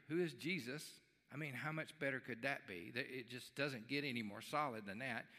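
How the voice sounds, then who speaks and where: Bright-voiced pastor in a reverberant church. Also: male voice, mid-range voice. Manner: folksy storytelling with acted voices in a joke. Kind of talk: sermon. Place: church sanctuary. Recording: live church stream with long hall reverb.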